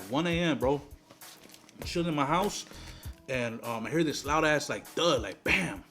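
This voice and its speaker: A man's voice: mid-range voice, a bit bright. A young man casually telling a story between bites, slangy and profane. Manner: slangy, profane, laid-back. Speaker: mukbang host. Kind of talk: casual storytelling while eating.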